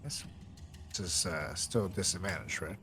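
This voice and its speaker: A man's voice: low voice, moderate pace, music in the background. A man playing a tabletop game, joking around and reacting playfully to the rolls. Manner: playful, joking, bursts of laughter. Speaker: player. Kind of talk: tabletop game play on stream.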